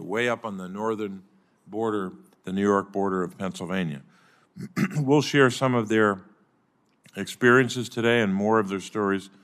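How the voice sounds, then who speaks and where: An older man chairing a formal hearing, giving measured opening remarks with some halting restarts. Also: lowish voice, a bit bright. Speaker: committee chairman.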